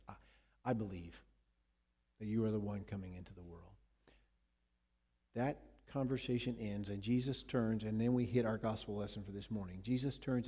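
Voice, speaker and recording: A man preaching a sermon, retelling scenes dramatically with sudden swings between loud and hushed delivery. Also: fairly low pitch, slightly rough, in a large hall. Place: church.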